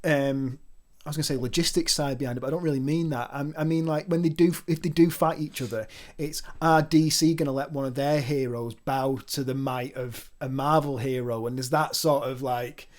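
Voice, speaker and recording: A man's voice: mid-range voice, fairly even intonation, fairly quick, hardly any pauses. A man co-hosting a casual podcast, chatty and teasing with lots of restarts. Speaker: podcast co-host.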